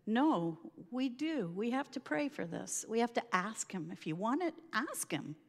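A woman's voice: fairly high pitch, very animated, unhurried, vocal fry, heavily acted. Brief: blunt, insistent woman friend without arms, as a storyteller quotes her, hall reverb. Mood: earnest. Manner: insistent, matter-of-fact.

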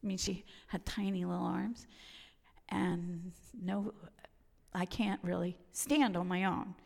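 A woman preaching in a large hall, her voice carrying a long reverberant tail. She has a gravelly edge to her tone and swings from bold, loud emphasis down to hushed, almost whispered lines as she tells her stories. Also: lowish voice, fairly even intonation, takes it slowly. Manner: dramatic shifts from loud to whispered. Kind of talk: sermon with personal stories.

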